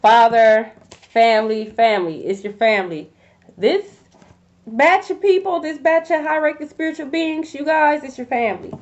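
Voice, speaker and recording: High-voiced woman tarot reader, blunt and profane, lots of slang, dull lo-fi recording. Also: moderate pace. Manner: blunt, profane, animated slang-heavy delivery. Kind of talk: casual tarot reading to camera.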